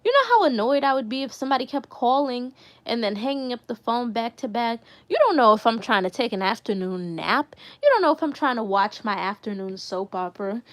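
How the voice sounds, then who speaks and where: Chatty young woman, higher voice. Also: fairly quick. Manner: chatty, animated storytelling, repeats words for emphasis. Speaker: vlogger. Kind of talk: casual chat to viewers.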